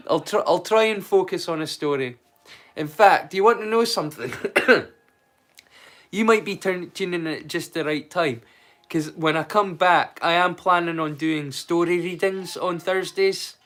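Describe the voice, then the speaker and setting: A man's voice: a little high, a little slow, fairly bright tone. A man hosting a live storytelling stream, chatting casually and thinking aloud with frequent restarts. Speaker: storyteller host.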